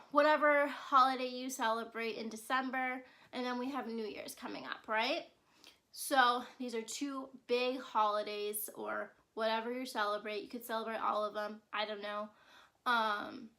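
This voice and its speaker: Bright-voiced chatty young woman. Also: sits high. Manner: chatty and earnest, frequent "right?" and "um". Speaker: self-care podcast host. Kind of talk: casual solo vlog talk.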